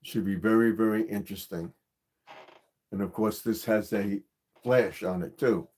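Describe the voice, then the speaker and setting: A man's voice: on the low side, steady tone, moderate pace, a little mellow, breathy edge. A man hosting a gardening channel's live stream, explaining equipment in a casual, repetitive way with many fillers.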